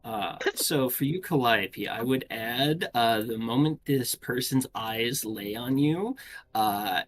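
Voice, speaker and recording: A man narrating as game master of a tabletop game, halting with many filler sounds. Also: medium pitch, a little hiss or hum.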